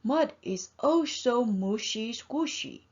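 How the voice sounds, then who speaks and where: A fussy mother pig, played by a woman reading a storybook, frets in a lively, up-and-down voice. She speaks slowly and sounds exasperated. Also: on the high side, highs cut off. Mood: fretting.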